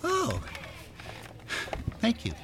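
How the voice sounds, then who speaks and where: A man's voice: very high voice, wildly swooping pitch, drawn-out words, noisy background, heavily acted. An actor playing a fussy, pompous young man who talks in long formal words and stammers when caught off guard. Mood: flustered. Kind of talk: radio drama acting.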